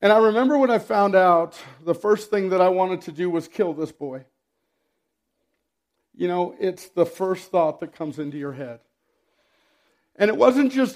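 A middle-aged pastor preaches to his congregation, telling a personal story in a plain, conversational way. His voice sits high for a man, and he breaks up his sentences by clearing his throat and dropping in dry, wry humor. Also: lively intonation, unhurried, long pauses. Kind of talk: sermon.

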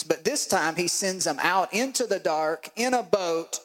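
A male pastor preaching a sermon, animated and acting out voices with laughs. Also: high-pitched, unhurried, low-quality recording.

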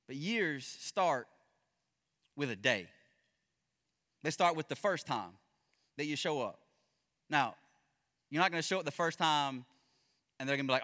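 A man preaching a sermon as pastor, impassioned, swinging between loud emphasis and hushed, drawn-out lines. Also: fairly high pitch, sing-song, big-room sound.

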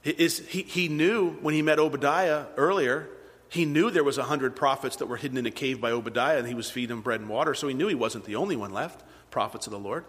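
A man's voice: medium pitch, fast talker, a bit bright. A man preaching as a pastor, explaining scripture in a conversational way and asking his listeners questions. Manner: conversational, asks the congregation questions. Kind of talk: sermon. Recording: long reverb in a hall.

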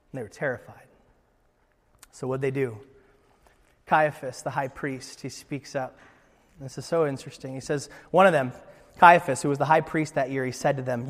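A man preaching a sermon in an animated, conversational way with casual asides. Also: medium pitch, in a large hall. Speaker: pastor.

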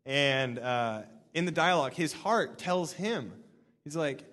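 A young man giving a casual, animated sermon, full of fillers and restarts. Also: on the high side, takes it slowly, big-room sound. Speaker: preacher.

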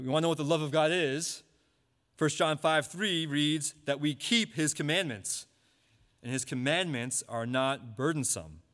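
A man preaching a sermon, asking rhetorical questions and repeating key points slowly. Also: on the high side, a bit bright. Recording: long hall reverb.

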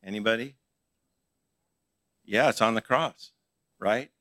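Bright, dry-voiced male pastor teaching. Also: on the low side, measured pace, no echo. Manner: conversational, asks the congregation questions. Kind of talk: sermon Bible teaching. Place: church.

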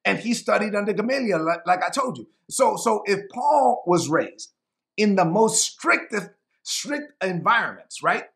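A male preacher teaching a sermon to camera in an animated, conversational way, often repeating himself for emphasis. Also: sits high, measured pace, creaky.

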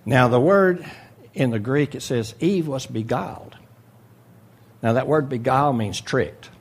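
A man's voice: mid-range voice, unhurried, slightly rough. A man preaching a sermon in a folksy, joking way, reading scripture and retelling the story with voices for each character.

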